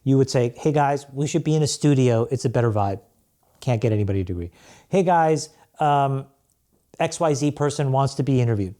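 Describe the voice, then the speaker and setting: Podcast guest, male, mid-pitched voice, relaxed anecdotal delivery. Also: brisk. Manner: relaxed storytelling with restarts and laughs. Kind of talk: casual interview chat.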